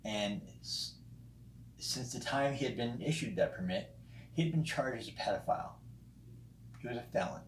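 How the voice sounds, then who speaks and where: A vlogger responds to a friend's video with a casual, opinionated monologue, blunt and profane, full of ums and restarts. His mid-range voice has lively intonation and a moderate pace with long pauses. The recording has a roomy echo and faint background noise.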